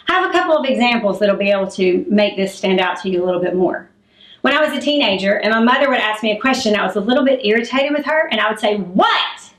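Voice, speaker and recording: A middle-aged woman teacher giving a classroom lesson on public speaking, clear and demonstrative as she acts out examples. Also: on the high side, fairly bright tone. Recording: echoey room.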